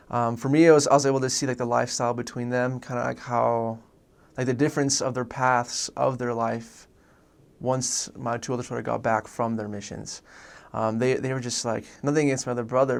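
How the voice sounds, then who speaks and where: A young man from Oregon recounts his own story in an earnest, rambling way, stumbling through restarts and fillers. His mid-pitched voice stays flat and even, with a gravelly fry running through it. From Oregon, USA. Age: young adult. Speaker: returned missionary telling his story. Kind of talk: casual personal testimony.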